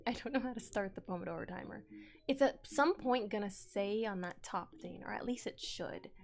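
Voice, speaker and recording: A young woman streaming a co-working session, chatting casually and giggling often as she reads and answers chat. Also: medium pitch.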